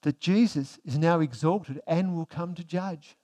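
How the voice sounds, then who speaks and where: Male pastor, sermon delivery, high voice, shifts from forceful emphasis to quiet intensity. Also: unhurried. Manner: asks the congregation rhetorical questions; swings between emphatic and hushed delivery.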